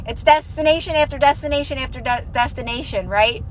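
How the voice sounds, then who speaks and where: Her voice sits high and she speaks a little fast, over poor audio with a bit of hiss or hum. A young woman manifestation creator chats casually with viewers on her phone stream, earnestly encouraging them while rambling, restarting sentences and leaning on "like."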